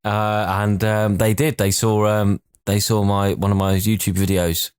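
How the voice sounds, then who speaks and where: A very low-pitched man chatting on a comedy podcast, spinning a loose, rambling story and laughing along with his friends. The recording is dry and close, with no room sound. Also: level tone, measured pace, a little mellow, smooth, dry recording. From England. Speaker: podcast co-host and impressionist. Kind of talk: casual chat, telling an anecdote.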